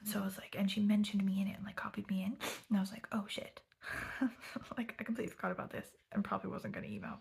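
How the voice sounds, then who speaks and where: A woman whispers a storytime vlog from her sofa late at night. Her voice is very breathy with a gravelly crackle, at a middle pitch. She chats loosely, swears, and keeps asking "okay?". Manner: chatty, swearing, lots of "like" and "okay?". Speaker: vlogger.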